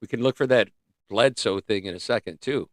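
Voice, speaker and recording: A man hosting a casual livestream, rambling and joking as he thinks out loud. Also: fairly low pitch, a little fast, no room sound, clean studio sound. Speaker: livestream host.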